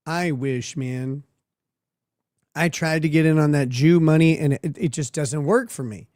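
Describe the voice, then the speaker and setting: A man's voice: a little high, unhurried, darkish tone, no echo, studio quality. A man hosting a livestream, reading viewer messages and answering them with crude, sardonic jokes and frequent laughter. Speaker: livestream host. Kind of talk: casual livestream commentary.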